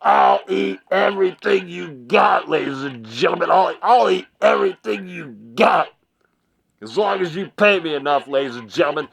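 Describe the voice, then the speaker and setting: A man doing a shouted, taunting impression of a brash male fighter boasting he can take any punch. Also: sits high, lively intonation, moderate pace, gravelly, exaggerated voice.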